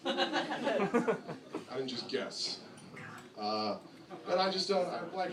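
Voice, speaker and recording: This young New Jersey comic, speaking with a New Jersey accent, has a high, sing-song voice and takes his time with long pauses. His crude, sarcastic set features mock voices, and the echoey comedy club is recorded from far away, with background noise and a laughing crowd.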